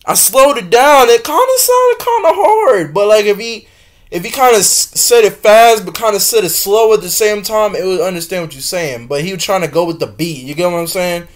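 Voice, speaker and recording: A young man casually reacting to a music video, talking in slang, swinging between loud exclaims and low mutters, laughing often. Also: fairly quick. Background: faint music from the video being watched.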